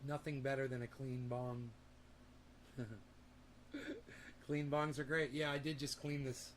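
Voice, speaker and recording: A man's voice: mid-range voice, flat delivery, a little slow, slight background noise. A man hosting a livestream, chatting in a rambling, laid-back way and swearing casually. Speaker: livestream host.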